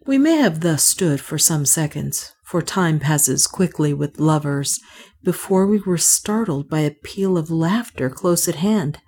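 A woman reading a story aloud as narrator, in a measured, even storytelling manner. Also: low voice, husky. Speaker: audiobook narrator. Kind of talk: scripted narration.

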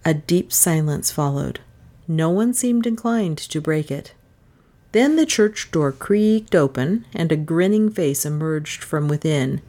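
A woman's voice: lowish voice, darkish tone. A woman narrating an audiobook in a dry, wry storytelling manner.

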